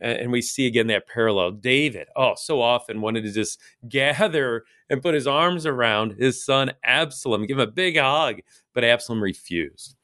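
A man's voice: medium pitch, normal speed, few pauses, pushed and bright, no echo, studio quality. A man co-hosting a casual Bible study chat, earnest and reflective, with frequent fillers and restarts. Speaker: co-host discussing Bible passages.

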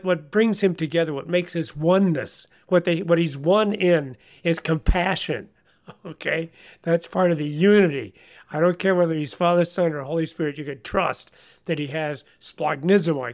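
Earnest gravelly middle-aged man teaching scripture. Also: fairly high pitch. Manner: earnest, folksy, repeats words when starting. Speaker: Bible study host. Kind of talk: conversational Bible discussion.

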